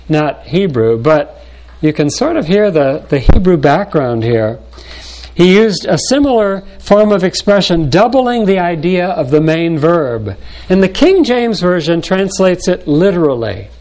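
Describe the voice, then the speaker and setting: An older pastor gives a measured sermon to his congregation, clearing his throat now and then. His voice sits high and is a little mellow.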